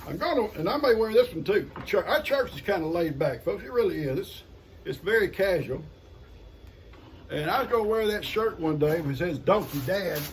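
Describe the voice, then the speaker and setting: An older man talks in a folksy, rambling way, chuckling as he goes. His voice sits high for a man and swings up and down a lot. A steady hiss of noise runs under the recording. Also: moderate pace. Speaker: vlogger opening gifts. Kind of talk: casual chat to viewers.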